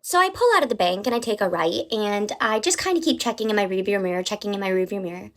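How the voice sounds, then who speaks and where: A young adult woman telling a true story from her life in a casual, animated way. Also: mid-range voice, fast. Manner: animated, dramatic retelling with lots of "like".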